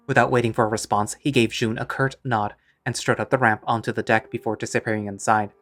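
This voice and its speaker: A man's voice: mid-range voice, steady tone, fairly quick, hardly any pauses, fairly bright tone, soft background music. A man reading a first-person story aloud in a wry, conversational way.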